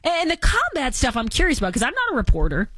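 A woman's voice: sits high, huge pitch swings, fast talker, background noise. A woman hosting a radio talk show, chatting in a sarcastic, mock-dramatic way. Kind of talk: casual opinionated chat.

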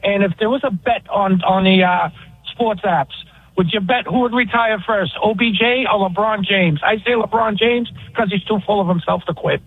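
A man calling in to a sports radio show, quickly giving his opinions. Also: sits high, slightly rough, dry recording. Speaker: caller. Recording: tinny dry phone line.

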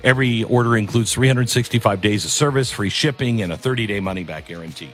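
With faint music in the background, a man hosts a talk radio show in a fairly low, fast voice. He rambles in a chatty monologue, often cutting himself off to start again.

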